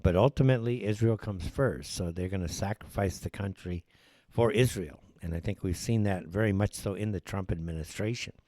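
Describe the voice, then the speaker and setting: A man's voice: deep voice, a little fast, warm tone, no room sound. A man hosting a live show, ranting in heated, sarcastic commentary. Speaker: show host. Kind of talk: livestream commentary.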